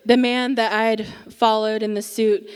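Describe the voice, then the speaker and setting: On a theatre stage before a live audience, a young woman with a slightly high, clean, level voice tells a wry, self-mocking story. She takes her time and uses deliberate pauses for comic effect, while the big hall adds a long reverb to her voice.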